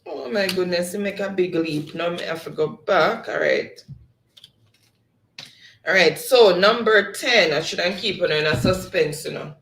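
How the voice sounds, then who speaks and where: A man's voice: high-pitched, measured pace, fairly bright tone, echoey room, slight background noise. A man hosting a quiz game on a live stream, reading out the players' chat answers and laughing often. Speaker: game show host.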